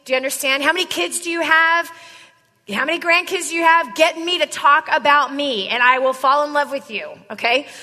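A woman with a high, bright voice coaches a room on sales and drills each point with "right?" and "okay?". Her voice rings out with a long hall reverb, and she sounds like she is teaching in a large room before an audience. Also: fairly quick. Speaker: sales trainer. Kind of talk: live sales coaching session.

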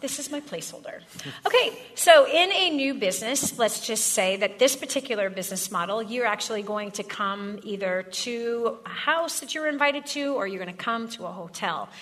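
A woman's voice: on the high side, animated, normal speed, a bit bright, in a large hall. A woman leading a live workshop demonstration, upbeat and laughing easily as she coaches the room. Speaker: workshop presenter.

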